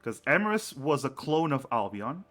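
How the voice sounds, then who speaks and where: A man acting as game master, explaining campaign lore in a halting way, with many fillers and restarts. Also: medium pitch, sing-song, fairly bright tone, faint music behind.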